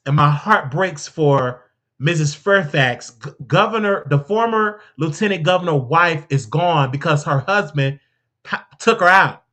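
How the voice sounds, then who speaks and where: Male show host, bright voice, theatrical mock-outrage rant, stammers when heated. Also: fairly high pitch. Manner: addresses a sidekick and the audience. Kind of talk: comedic commentary rant.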